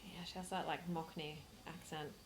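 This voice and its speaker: A woman's voice: low-pitched, flat delivery, normal speed, background noise. Wry woman co-hosting a podcast. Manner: wry, teasing, laughs often. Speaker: podcast co-host. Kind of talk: casual commentary chat.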